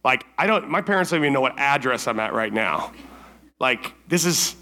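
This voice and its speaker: A man speaking to teens at a summer camp service, telling a story in a casual, animated way and acting out his own lines. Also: medium pitch, normal speed. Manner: casual, many fillers like "like" and "right?".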